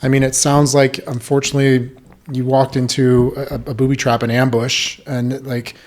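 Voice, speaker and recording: A man in his thirties hosting a podcast, chatting casually and telling his own army stories with animated retellings. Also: medium pitch, normal speed. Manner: animated, acts out quoted voices. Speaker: podcast host. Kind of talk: casual conversational interview.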